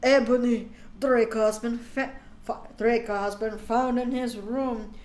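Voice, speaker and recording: A woman's voice: fairly high pitch, fairly even intonation, a little slow, a little mellow, echoey room, lightly acted. A woman voicing a grave, upset old male headmaster wizard who delivers bad news, read from a fan story.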